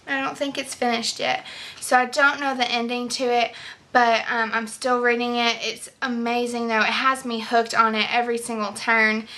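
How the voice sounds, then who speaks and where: A woman's voice: fairly high pitch, little pitch movement, normal speed, sharp tone. A young woman vlogging casual, enthusiastic book reviews, chatty with many fillers and restarts.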